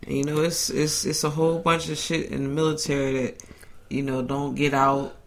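A woman's voice: low voice, flat delivery, normal speed, a little hiss or hum. A woman co-hosting a casual podcast, blunt and teasing, swearing casually. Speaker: podcast co-host.

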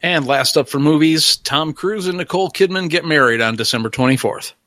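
A man co-hosting a podcast, reading out trivia notes and slipping in deadpan gags. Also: on the high side, brisk, no room sound. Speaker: podcast co-host. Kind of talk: reading notes in casual chat.

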